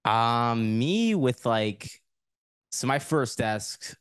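A man's voice: medium pitch, lively intonation, very slow, a bit bright, clean tone, dry recording. A man as a podcast guest, chatting casually in a laid-back, rambling way full of "like".

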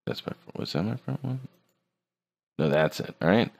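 A man's voice: low-pitched, very animated, moderate pace, gravelly, a little mellow. A man teaching a 3D rendering class in a casual screen-recorded tutorial, joking and teasing his students as he works. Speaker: 3D art teacher.

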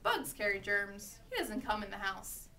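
A woman's voice: medium pitch, sing-song, normal speed, far from the mic, slight background noise. A woman reading aloud voices a stern, stubborn mother who speaks dryly and dismissively. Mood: scolding. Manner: dry, dismissive, louder than the narration. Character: stern scolding immigrant mother, dry and stubborn.

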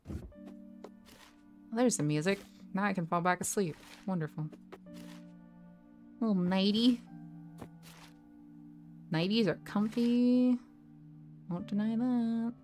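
Lively, playful woman streamer. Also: medium pitch. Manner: playful, giggly, often apologetic. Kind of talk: casual game-stream commentary. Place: at a home desk.

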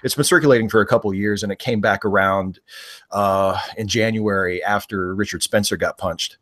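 A man with a fairly low voice is chatting on a video call. His sound is dry and close, with no room around it. He talks in an easygoing, thoughtful way, working through his ideas as he goes. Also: steady tone, fairly quick, a bit bright, no room sound. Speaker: YouTuber guest. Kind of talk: casual video-call chat.

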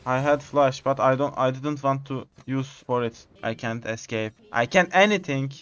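A man, excitedly commenting on his own gameplay, repeating short exclamations in English. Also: mid-range voice, moderate pace, clear, resonant tone, lo-fi sound. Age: 20s. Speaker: gamer streamer.

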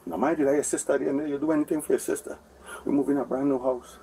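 Rambling guy talking fast to the police, distant bodycam audio, faint noise behind. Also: mid-range voice, steady tone, vocal fry, mellow. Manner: rambling, repetitive, keeps asking for agreement. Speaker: man speaking to police. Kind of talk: heated conversation with officers. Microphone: officer's body camera.

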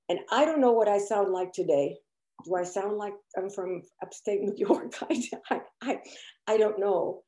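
An older woman with a light Spanish accent telling a group about her own experiences, halting and nervous, with many restarts. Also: mid-range voice, mellow. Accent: Spanish-accented English. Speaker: church discussion speaker. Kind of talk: personal testimony to a group. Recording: echoey room.

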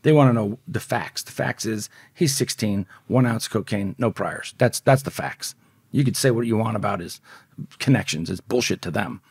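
A man's voice: fairly low pitch, normal speed, darkish tone, breathy edge, no room sound, studio quality. A man guest in an interview, telling a story in a rambling, profane, conversational way. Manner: profane, rambling, repeats words as he goes. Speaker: podcast guest.

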